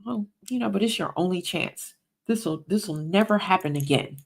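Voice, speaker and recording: A woman's voice: on the low side, animated, normal speed, fairly bright tone. A woman voicing a tempting spirit that whispers coaxing suggestions about spending.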